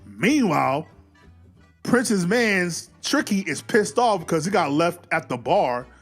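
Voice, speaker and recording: Lively high-voiced man recapping a movie. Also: slow pace, faint music behind. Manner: animated, profane, acts out scenes. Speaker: film reviewer. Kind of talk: casual movie recap commentary.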